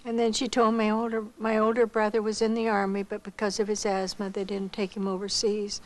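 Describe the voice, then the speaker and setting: An older woman shares a story from her own life. Her voice sits at an ordinary middle pitch, and she talks in an unhurried, folksy way, pausing now and then and hesitating softly as she recalls the details. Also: completely flat delivery, low-quality recording. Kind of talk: personal storytelling.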